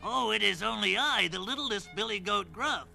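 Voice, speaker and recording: A man's voice: sits high, lively intonation, normal speed, creaky, bright, forceful tone, soft background music, full character voice. A man voicing a little, timid young billy goat who pleads in a tiny voice. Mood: pleading. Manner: small pleading voice.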